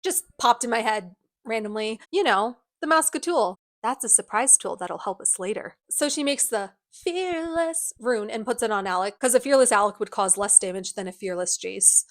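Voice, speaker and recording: A woman's voice: on the high side, lively intonation, moderate pace, hardly any pauses, no room sound, clean studio sound. A woman giving a casual, comedic book recap, sarcastic and profane with chatty asides. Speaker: book youtuber. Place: indoors at home.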